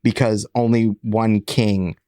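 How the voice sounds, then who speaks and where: Deep-voiced man speaking in measured hedges. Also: level tone, warm tone, no echo, studio quality. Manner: measured, hedging, uses fancy words. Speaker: podcast co-host. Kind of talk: casual chat.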